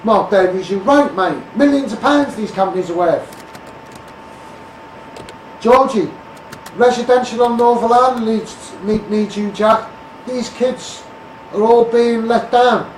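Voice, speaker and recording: A man's voice: high-pitched, a little slow, pauses often, slight background noise. Blunt Scouse man ranting, roomy and distant. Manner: blunt, repetitive, calls people out by name and asks "mate". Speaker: street campaigner. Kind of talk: ranting political monologue.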